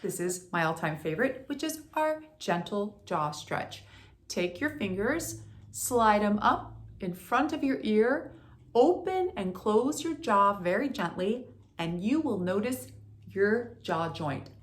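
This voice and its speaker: A woman voice coach guiding a speaking warm-up in an upbeat, encouraging way, talking straight to the listener. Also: medium pitch, animated, slow pace. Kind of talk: guided warm-up instruction.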